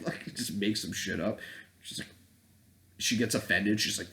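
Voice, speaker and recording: A man's voice: fairly low pitch, moderate pace, long pauses, a bit bright. A man vlogging as a dating coach in a casual, profane rant, blunt and breaking into laughing asides.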